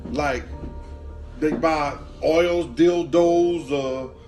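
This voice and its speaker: A man's voice: on the high side, steady tone, very slow, a little mellow, soft background music. A man telling a casual anecdote in slangy speech, stumbling and repeating words as he laughs his way through it. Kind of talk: casual storytelling.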